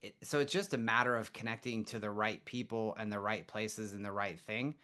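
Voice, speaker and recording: A man guest on a podcast, telling stories in a casual, animated way and acting out what people said. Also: fairly low pitch, brisk. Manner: animated storyteller, acts out quotes. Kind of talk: casual storytelling interview.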